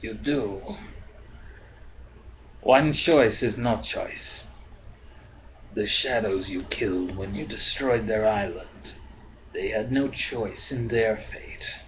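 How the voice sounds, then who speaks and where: A man reading aloud, voicing a cold, patient, skeletal alien manipulator in a quiet, slow, measured voice. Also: on the low side, lo-fi sound, slight background noise.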